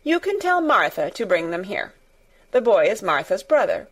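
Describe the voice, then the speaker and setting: A woman's voice: mid-range voice, big pitch swings, normal speed. A woman reading a storybook aloud and voicing a sickly, imperious young boy who gives orders in a lordly way. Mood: commanding. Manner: lordly, commanding.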